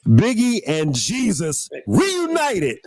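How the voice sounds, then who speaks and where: A man hosting a casual livestream roundtable, excitable and laughing through his animated storytelling. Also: sits high, takes it slowly, crowd noise. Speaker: livestream host.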